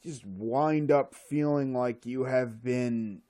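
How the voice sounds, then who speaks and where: Slow sarcastic rant, mellow voice, exasperated. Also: medium pitch. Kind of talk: solo rant.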